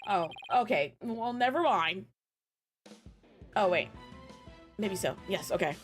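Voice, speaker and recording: A woman's voice: mid-range voice, expressive. A young woman streamer giving casual, slangy, joking commentary while playing a game. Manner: slangy, joking, quick reactions. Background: game music.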